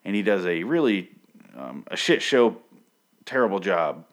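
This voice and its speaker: A man's voice: low voice, sing-song, measured pace, gravelly. A man casually recapping a story, rambling with crude jokes and sarcastic asides. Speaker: comic book recap host.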